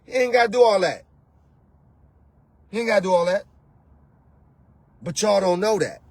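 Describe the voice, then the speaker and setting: A man, hosting a casual, animated, slangy monologue on relationships as a coach. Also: high voice, moderate pace, dry recording.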